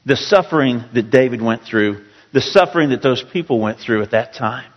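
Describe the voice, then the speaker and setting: A man preaching a sermon, reading scripture slowly and rising to pleading emphasis. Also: medium pitch, expressive, lo-fi sound. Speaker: pastor. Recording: long reverb of a large hall.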